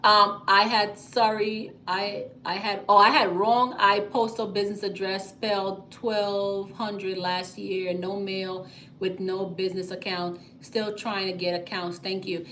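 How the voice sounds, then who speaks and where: A woman's voice: mid-range voice, measured pace, a little hiss or hum. A woman hosting a casual business livestream, talking emphatically and reading out viewer comments. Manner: chatty and emphatic, frequent "okay?" and "y'all", animated storytelling. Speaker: livestream host, business credit coach.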